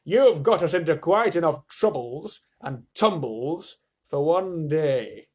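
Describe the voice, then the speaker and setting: A man voicing a cranky old grandfather in bed, speaking in a slow, drawn-out grumble for a storybook. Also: fairly high pitch, expressive. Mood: indignant.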